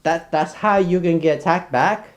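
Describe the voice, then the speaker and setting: A man giving casual reaction commentary as a content creator, rambling, excitable and swearing a lot. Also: a little high, normal speed.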